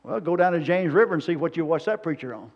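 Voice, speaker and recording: A man preaches in a loose, folksy way, wandering from story to story in plain-spoken words. His voice sits high for a man. The sermon recording sounds dull and lo-fi. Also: lively intonation, fast. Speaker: pastor.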